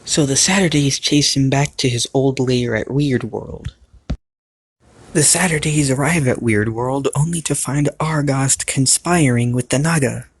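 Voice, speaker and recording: A man's voice: medium pitch, a little slow, husky, no room sound. A man narrating a recap of a cartoon series as a YouTube reviewer, playful, with jokey asides to the viewer. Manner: grows louder and more animated in the climax.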